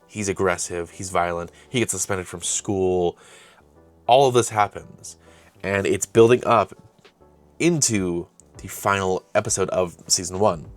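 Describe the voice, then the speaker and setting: A young man hosting his own channel, casually recounting an old project in a rambling, self-correcting way. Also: sits low. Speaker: host. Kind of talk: casual retrospective chat.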